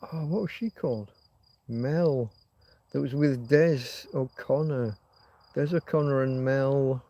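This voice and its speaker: A middle-aged man from Yorkshire, England hosts a casual livestream, rambling and musing in his Yorkshire accent as he drifts between thoughts. He takes it slowly in a warm, medium-pitched voice, captured in a dry, dull-sounding recording.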